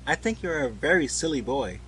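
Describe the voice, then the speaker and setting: A man voicing a lively, curious young girl in a storybook reading, speaking eagerly and a little haughtily. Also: a little high, brisk, slight background noise, voice pushed up, low-quality recording. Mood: proud.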